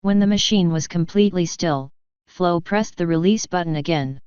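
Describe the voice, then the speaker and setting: Woman with a smooth, low reading voice. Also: normal speed, a little mellow, no echo, muffled recording. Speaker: fanfiction reader. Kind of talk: reading fanfiction aloud.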